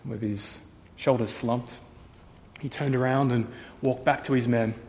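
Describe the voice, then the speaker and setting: A pastor telling a story in a sermon, dramatic, shifting from hushed to loud. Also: male voice, mid-range voice, steady tone, measured pace, in a large hall, slight background noise.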